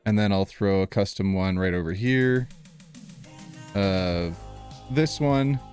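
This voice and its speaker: A man hosting a casual live stream from his home office, chatty and excitable, laughing often and squealing with delight. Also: sits low, takes it slowly, faint music behind. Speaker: livestream host.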